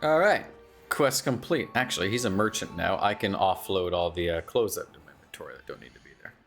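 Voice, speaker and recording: A man's voice: low-pitched, expressive, brisk, fairly bright tone, faint music behind. A man streaming a video game, joking and self-mocking with drowsy asides. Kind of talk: casual game commentary.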